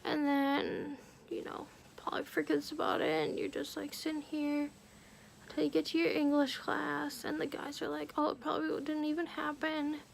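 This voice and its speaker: A woman talks to camera in a high voice with a gravelly edge. She tells a personal story in a hushed, halting way. She often drops into a whisper and leans on "like" between phrases, with a faint hiss of background noise. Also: completely flat delivery. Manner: halting, heavy use of "like". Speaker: vlogger.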